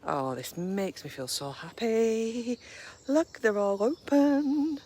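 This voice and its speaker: A woman chatting casually on a live stream while walking her dogs in a park, cooing at them in a high baby voice. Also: sing-song, a little slow, a little mellow, slight background noise. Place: woodland park outdoors, early morning.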